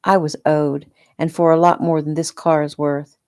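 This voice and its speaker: Sharp-tongued young woman, proud and prickly, as a woman reads her in a low voice. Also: little pitch movement, moderate pace.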